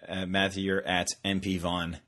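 Low-voiced joking male podcast host. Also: monotone, moderate pace, a bit bright. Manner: joking, rambling, with many restarts and fillers. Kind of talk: casual podcast chat.

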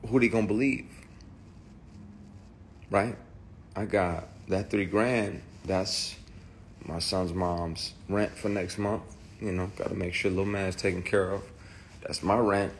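Deep-voiced man telling a raw story. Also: creaky, a little hiss or hum. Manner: emphatic, raw and swearing, with restarts. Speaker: actor. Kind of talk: candid personal testimony.

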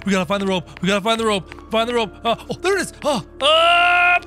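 A man hosting a gaming video with excitable, theatrical commentary, often yelping and shrieking. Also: high voice, fast talker, hardly any pauses, faint music behind.

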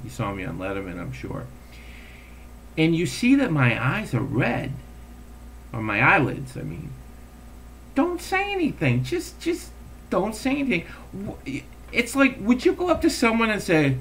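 Exasperated storytelling man, gravelly. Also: high voice, huge pitch swings, measured pace, a bit bright, slight background noise. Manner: acts out quoted people in his stories. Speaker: host. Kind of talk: casual solo monologue.

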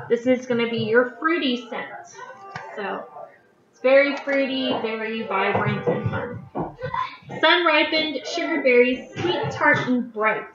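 In her home kitchen, a vlogger reviews scented wax products, her high-pitched voice picked up from well away from the microphone. She talks casually and stumbles over words now and then while reading the descriptions aloud. Music runs underneath, and the room is echoey, giving the audio a dull, lo-fi quality.

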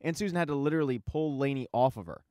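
A man's voice: medium pitch, fast talker, mellow, no echo. Man recapping a TV show, dry sound. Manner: wry asides while retelling. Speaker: TV recap host. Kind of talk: casual recap narration.

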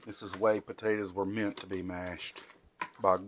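A man's voice: low-pitched, level tone, normal speed, slight background noise. A man, hosting a casual home cooking tutorial in a folksy, chatty way. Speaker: cooking show host. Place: home kitchen.

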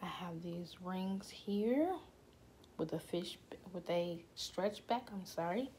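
A woman selling jewelry in a vlog, slowly naming each piece and now and then dropping to a whisper. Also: on the low side, dark tone, slight background noise. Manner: slow, repetitive, drops to whispers at times. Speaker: jewelry seller. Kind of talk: product showcase vlog.

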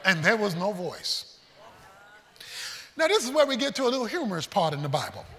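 A man preaching a sermon, storytelling with folksy humor and swinging between shouts and hushed asides. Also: sits high, brisk, in a large hall, slight background noise. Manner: animated preaching, shouting and then dropping to a hush. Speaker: pastor.

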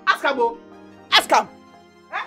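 An actress with a Nigerian accent playing a quarrelsome young woman who mocks and shouts in Pidgin. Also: sits high, animated, unhurried, soft background music, full character voice. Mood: angry. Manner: mocking, repeats herself, shouts in Pidgin. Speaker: actress in a film. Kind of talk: Nollywood film drama.

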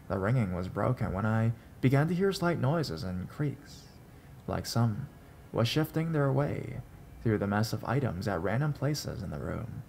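Male horror narrator, gravelly voice, measured and suspenseful scripted read. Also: on the low side, darkish tone, slight background noise. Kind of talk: scripted first-person narration.

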